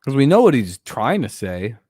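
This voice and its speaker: A man hosting a loose sports talk stream in a dry, close sound. He rambles, restarts his sentences and swears freely while joking about players. His pitch sits at an ordinary middle level. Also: very animated, moderate pace, dark tone, no echo. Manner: frequent fillers and restarts. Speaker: host.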